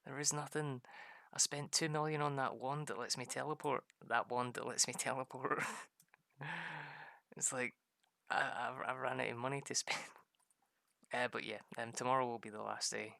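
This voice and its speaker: Guy rambling over his game, laughs a lot, gravelly. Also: medium pitch, fairly even intonation, normal speed, long pauses, sharp tone, no echo, studio quality. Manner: rambling, chatty, laughs often. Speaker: gaming video host. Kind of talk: casual gameplay commentary.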